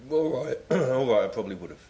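A man's voice: medium pitch, animated, quick pace, warm tone. A man in his forties co-hosting a comedy chat with dry, mock-serious wit. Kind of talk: comedic banter.

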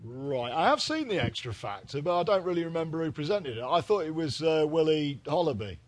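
High-voiced man, teasing. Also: very animated, a little fast. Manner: playful, teasing banter. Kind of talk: comic casual chat.

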